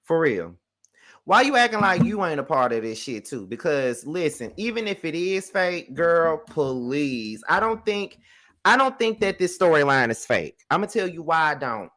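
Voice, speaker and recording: A man's voice: a little high, sing-song, normal speed, a bit bright. A man hosting a commentary channel, reacting to a clip in a skeptical, slangy, conversational way. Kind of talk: casual commentary.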